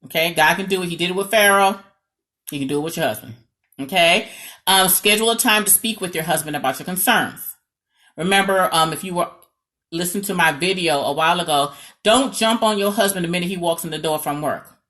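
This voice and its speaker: A woman from New York with a New York accent, talking as a marriage coach in a lively, dramatic, sarcastic way and often checking in with "okay?". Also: on the low side, a little fast. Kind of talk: direct-to-camera advice talk.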